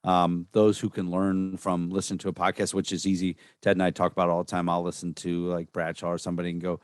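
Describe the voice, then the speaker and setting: Deep-voiced man, laid-back podcast host. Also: fast, clean tone, no echo, clean studio sound. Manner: relaxed, rambling, many "uh" and "um" fillers. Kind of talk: casual chat.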